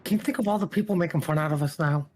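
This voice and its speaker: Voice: medium pitch, rapid-fire, darkish tone, slight background noise. A co-host joking sarcastically in casual livestream chat.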